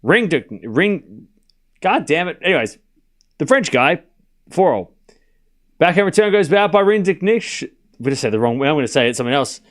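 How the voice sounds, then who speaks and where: A man with an Australian accent hosts a live tennis watchalong, calling each point as it happens. His voice sits a touch high and swings up and down a lot. He keeps it casual and chatty and laughs easily at his own slips. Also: sing-song, moderate pace, long pauses, a bit bright. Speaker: stream host calling scores.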